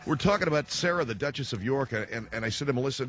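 A man's voice: expressive, rapid-fire, few pauses, a bit bright, no room sound. Male radio host, sarcastic, rambling, dry dull studio sound. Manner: sarcastic, rambling, self-mocking, swings into high mocking tones. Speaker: radio talk show host. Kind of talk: comedic radio monologue. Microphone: studio microphone.

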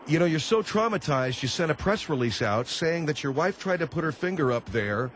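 A man's voice: a little high, lively intonation, fairly quick, fairly bright tone, a little hiss or hum. A man hosting a radio call-in show, brash and pushy, firing repeated questions at callers. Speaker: radio talk show host.

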